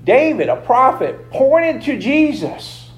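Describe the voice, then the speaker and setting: High-voiced man preaching emphatically. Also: very animated, low-quality recording. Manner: emphatic, slowing down and repeating key phrases. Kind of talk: sermon.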